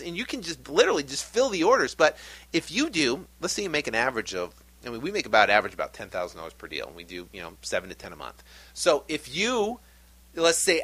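A middle-aged man hosting a podcast, giving an energetic, animated pep talk. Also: fairly high pitch, dry recording. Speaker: podcast host.

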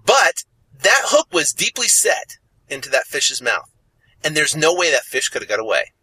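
Animated, emphatic man hosting a podcast. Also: on the high side, moderate pace, slightly rough, no echo, rough recording. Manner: animated and emphatic, repeating phrases for effect. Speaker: podcast host. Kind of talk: motivational podcast monologue.

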